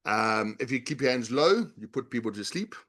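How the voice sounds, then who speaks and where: A man's voice: mid-range voice, expressive, moderate pace, fairly bright tone. A middle-aged man as an interview guest, explaining body language with instructive examples and demonstrations. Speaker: guest, body language author and leadership coach.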